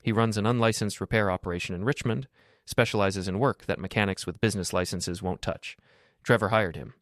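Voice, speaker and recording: A grave, wealthy businessman, voiced by the male narrator lays out facts in a measured, matter-of-fact way. His voice is very low and steady. The sound is dry and close, like a story-channel read. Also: no room sound, natural voice. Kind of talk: audiobook drama reading.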